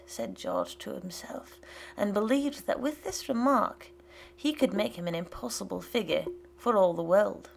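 Woman narrating in a hushed half-whisper. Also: medium pitch, unhurried, creaky, a little hiss or hum. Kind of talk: scripted narration of a literary story.

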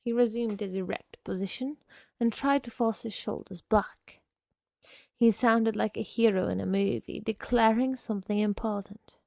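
A woman narrating a story in a measured, deliberate reading. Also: a little high, creaky, dark tone, no echo, studio quality.

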